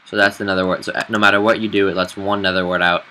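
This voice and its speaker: A man who admins a game server, walking through a build in a casual tutorial, relaxed and halting with fillers. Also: sits low, slight background noise, rough recording.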